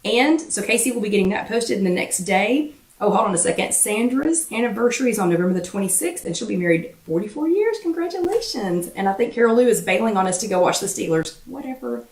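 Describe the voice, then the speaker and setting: A woman with a Southern US accent hosts a live chat, talking fast and greeting viewers by name, her voice still slightly irritated. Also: medium pitch, animated, darkish tone, reverberant, distant mic. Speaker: host of a live weight-loss chat.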